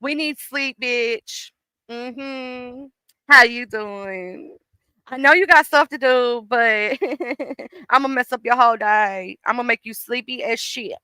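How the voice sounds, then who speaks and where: A woman's voice: fairly high pitch, slow pace, bright, forceful tone, clean tone, no echo. Smug sleepy Exhaustion, as a woman puts her on. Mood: mocking. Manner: sweetly mocking. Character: smug drowsy female Exhaustion.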